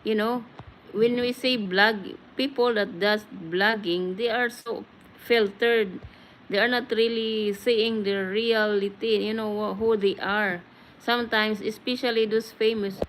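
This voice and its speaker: A woman's voice: medium pitch, fairly even intonation, measured pace, slight background noise, poor audio. A woman from the Philippines hosting a casual live-stream chat, greeting viewers by name in a chatty, friendly way. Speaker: livestream host. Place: home in Australia.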